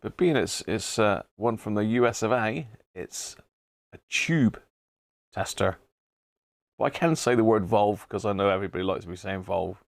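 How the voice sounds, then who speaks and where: A middle-aged British man with a gravelly edge to his voice, chatting casually as he hosts a live stream. He greets viewers one by one and chuckles often. The sound is dry and close, with no room echo. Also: on the low side, brisk, few pauses. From Britain. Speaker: live-stream host, radio restorer.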